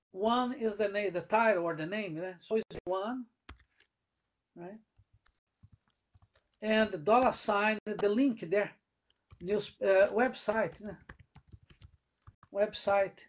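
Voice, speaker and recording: A man's voice: high voice, slow pace, pauses often. A man, a professor giving a live coding lecture. He talks through the code step by step and keeps checking in with "né?" and "right?". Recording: dull lo-fi recording.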